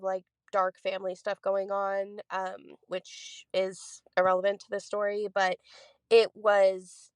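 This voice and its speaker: Young female listener, twenties, chatty voice-message storyteller, rambles, mid pitch, dry close sound. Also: smooth, dry recording. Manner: rambling, many fillers. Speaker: listener sharing a ghost story. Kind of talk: recorded voice message, casual storytelling.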